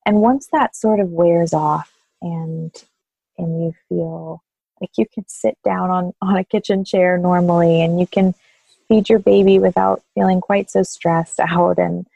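Gravelly-voiced woman postpartum doula. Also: fairly low pitch, fairly even intonation, unhurried, dry recording, dull audio. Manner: thoughtful, gentle, with soft laughs. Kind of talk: interview conversation.

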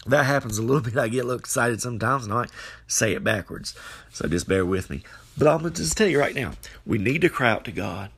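A man's voice: medium pitch, lively intonation, fast, creaky, a bit bright, breathy edge. A man giving an earnest, folksy devotional sermon into his phone microphone. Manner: earnest, folksy, repeats phrases, exclaims hallelujah. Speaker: podcast preacher.

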